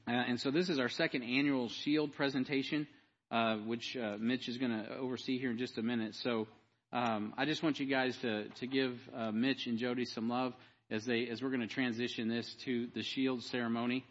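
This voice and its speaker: A male pastor speaks to his congregation in a halting way, pausing often. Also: mid-range voice, steady tone, muffled recording. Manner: halting, many filler pauses. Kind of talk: church announcements. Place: church sanctuary.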